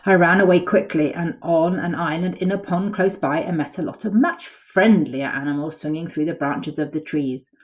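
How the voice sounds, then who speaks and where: A woman reads a picture book aloud to young children, her voice sitting a little low. She reads with lively expression and stops now and then to point out the pictures. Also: normal speed, few pauses, a little hiss or hum. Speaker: storyteller.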